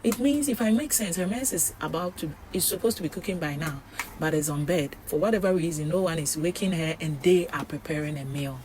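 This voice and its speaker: A woman's voice: deep voice, fairly quick, a little mellow, slight background noise. A woman recapping a reality show in casual, chatty storytelling, with frequent fillers.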